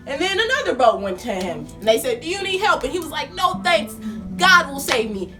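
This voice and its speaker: A young woman vlogger telling a casual story in a slangy, animated way, acting out her own lines. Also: sits high.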